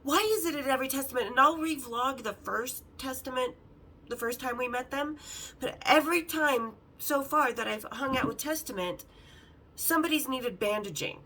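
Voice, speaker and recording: A woman hosting a podcast, telling candid, bawdy stories in a lively, casual way and acting out the other people in them. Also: sits high, moderate pace, low-quality recording. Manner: lively, acts out the others' lines in her story. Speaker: podcast host. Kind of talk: casual storytelling.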